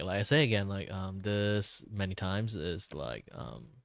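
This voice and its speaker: A young man whose first language is Cantonese, chatting casually while drawing, rambling with many fillers and restarts, his low voice tired from talking a lot. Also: unhurried, creaky, no echo, studio quality. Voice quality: low, relaxed tone. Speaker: streamer.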